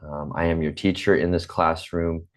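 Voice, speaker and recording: A man in his forties with a General American accent, teaching an online English class slowly and patiently, repeating himself, over a computer mic on a video call. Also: sits low, flat delivery. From United States. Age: 40s.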